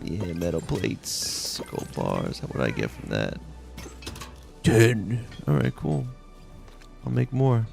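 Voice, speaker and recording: A man's voice: lowish voice, very animated, a little slow, gravelly, a little mellow, faint music behind. A man live-streaming a game, chatting casually in a rambling, slangy way full of "like"s. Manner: laid-back, rambling, slangy with many "like"s. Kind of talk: casual live-stream chat while playing.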